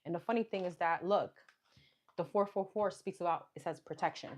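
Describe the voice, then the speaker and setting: A woman's voice: fairly low pitch, brisk. A woman giving a casual live tarot reading, chatting and thinking aloud as she names the cards. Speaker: tarot card reader. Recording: clear background noise.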